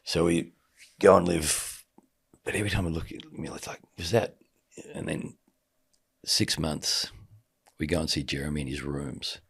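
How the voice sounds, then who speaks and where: His very deep voice is creaky and husky, and he moves at a moderate pace. The middle-aged man, a sports commentator on a podcast as a guest, shares a personal story casually, acting out each line of dialogue vividly.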